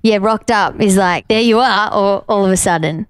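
A woman's voice: medium pitch, smooth, no room sound. A woman with an Australian accent, chatting playfully as an interview guest in a studio. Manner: playful, animated, quick to joke. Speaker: singer and drummer, interview guest. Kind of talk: casual interview chat.

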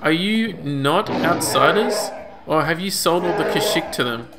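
A man reading a proud, scheming male Wookiee chieftain's lines with slow, pompous proclamations. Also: fairly high pitch, animated, background noise, voice pushed up. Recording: game music under voice. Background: game music.

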